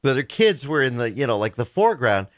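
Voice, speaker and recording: A man's voice: medium pitch, fast, no room sound, clean studio sound. A man hosting a casual chat, reacting often and asking questions. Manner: lively, reactive interjections.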